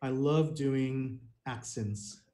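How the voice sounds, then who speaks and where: A man from Indonesia talks as an interview guest over a video call, easygoing and quick to laugh, with many hesitations. His voice sits at an ordinary middle pitch. The call audio sounds roomy and echoey. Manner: relaxed, laughs often, hesitant fillers. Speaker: guest, campus missionary.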